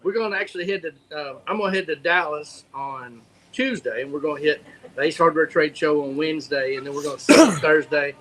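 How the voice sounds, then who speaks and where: A man's voice: fairly high pitch, fairly quick, a bit bright, low-quality recording. A man chatting casually as a co-host, laid-back and chiming in. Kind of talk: casual chat.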